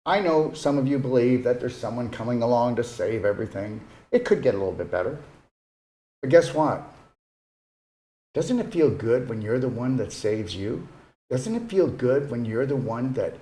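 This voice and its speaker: A man's voice: medium pitch, lively intonation, normal speed, warm tone. A man giving a casual, earnest motivational talk as a wellness retreat host, coaxing his listeners and often checking in with "okay?". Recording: echoey room.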